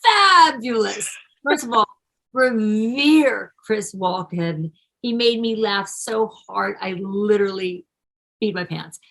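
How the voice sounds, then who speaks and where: A woman's voice: medium pitch, takes it slowly, vocal fry, rough recording. A middle-aged actress being interviewed, talking effusively and casually, often restarting her sentences.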